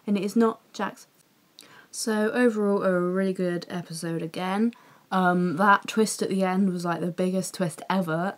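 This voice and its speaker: A young woman vlogging a chatty, gushing review to camera, excitable, with many fillers and restarts. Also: mid-range voice. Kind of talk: casual chat to camera.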